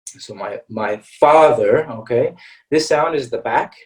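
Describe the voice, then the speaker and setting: A man with an American accent teaching English vowel pronunciation in a webinar, patiently modelling each sound slowly and checking in with "okay?" after nearly every phrase. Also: mid-range voice, animated, recorded from a distance, rough recording. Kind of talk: webinar lesson.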